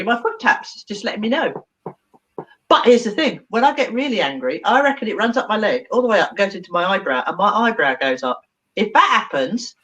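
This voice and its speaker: The recording is rough, and the woman's voice is medium in pitch. As a therapist in an interview, she narrates a story expressively, acting out the dialogue and laughing frequently.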